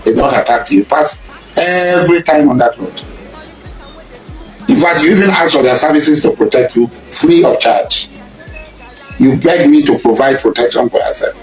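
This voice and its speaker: A man's voice: fairly high pitch, moderate pace, pauses often, faint music behind. Accusing Nigerian man, echoey room. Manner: accusing, repetitive, rising to shouts. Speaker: public speaker addressing a rival. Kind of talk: impassioned public speech.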